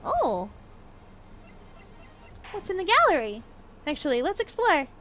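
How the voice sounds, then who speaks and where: A woman's voice: very high voice, huge pitch swings, measured pace, fairly bright tone, faint music behind. A woman streaming a game and chatting playfully with her viewers, with lots of ums and laughs. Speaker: gaming streamer. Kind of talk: casual chat while live streaming a game.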